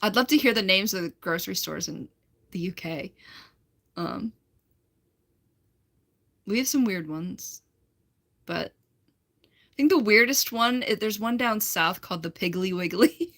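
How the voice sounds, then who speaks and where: A woman's voice: medium pitch, animated, a little slow, pauses often, a bit bright. A young American woman chatting casually on a livestream, rambling and laughing as she answers her chat. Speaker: livestream host.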